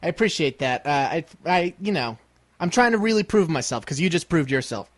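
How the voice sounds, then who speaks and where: A young man with a high voice co-hosts a casual podcast, his pitch leaping around as he jokes and teases. The sound is dry and close, with no room around it. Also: lively intonation, fairly quick, no echo. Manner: joking, playful, throat-clearing. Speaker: podcast co-host.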